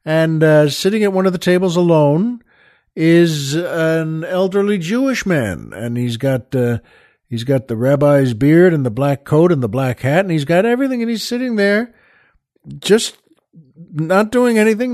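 Folksy male show host, slightly high voice, rambling storyteller. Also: lively intonation, normal speed, a little mellow. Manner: folksy, rambling with many fillers. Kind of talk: casual joke telling.

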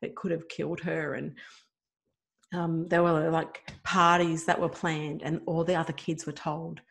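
A middle-aged woman, a guest telling a personal story in an emotional, animated way with many fillers. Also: low-pitched, a little slow, gravelly.

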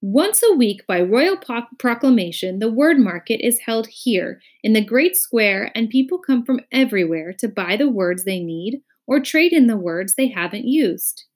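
A woman reading aloud plays a pompous male minister of a word-loving kingdom, impatient and formal. He declaims in a raised, slightly higher voice. The storybook voice sounds important and a little pushy. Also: lively intonation, normal speed, few pauses, darkish tone.

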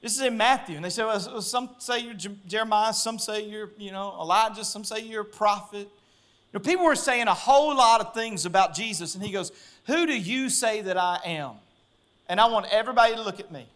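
High-voiced animated pastor. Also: male voice, fast. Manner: animated, jokey, acts out voices. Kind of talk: sermon.

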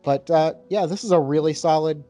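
A man's voice: on the high side, a little fast, dark tone, faint music behind. A man hosting a casual podcast chat, talking loosely with many filler words while reviewing a beer. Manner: laid-back, lots of filler words.

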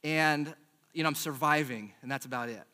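A middle-aged man preaching a sermon, telling a self-deprecating personal story in a chatty, animated way. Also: on the high side, normal speed. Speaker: pastor.

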